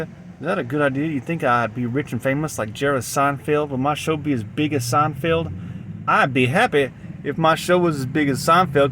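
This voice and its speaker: A sleep-deprived man with a put-on Southern accent rambling to camera outdoors, halting and repeating himself with many restarts. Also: a little high, noisy background. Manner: halting, repetitive, full of restarts. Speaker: vlogger. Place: outdoors in a parking lot.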